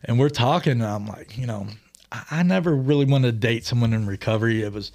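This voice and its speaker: A podcast guest in his forties, recorded in a studio, tells his story in a casual, rambling way. He talks fast in a mid-range, darkish voice and often laughs mid-story.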